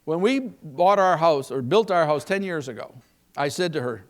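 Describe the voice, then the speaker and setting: A man's voice: fairly high pitch, animated, a little fast. An older man giving a live keynote on the economy, folksy and joking, asking the audience questions. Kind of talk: live keynote talk with anecdotes.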